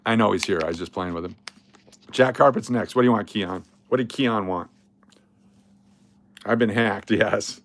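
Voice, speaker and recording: A man's voice: fairly low pitch, moderate pace, pauses often, slight background noise. A man hosting a casual livestream, blunt and sarcastic, swearing now and then. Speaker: livestream host.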